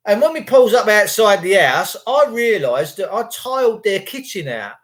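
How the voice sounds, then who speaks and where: A middle-aged man, ranting crudely in a casual monologue. He swears, mocks others and jumps up into high voices to mimic people. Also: big pitch swings, moderate pace.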